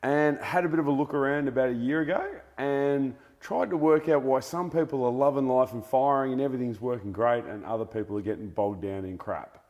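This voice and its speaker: A man's voice: mid-range voice, fairly quick, hardly any pauses, darkish tone, in a large hall. An Australian man answering as a guest author in a casual interview, loose and blokey, with the odd swear.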